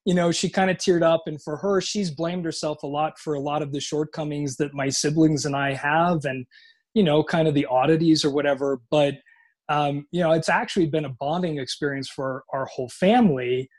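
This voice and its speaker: Animated man telling stories, slightly high voice. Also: fairly quick. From Utah. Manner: animated storyteller acting out quoted voices, frequent swearing and restarts. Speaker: podcast guest. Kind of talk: casual storytelling chat.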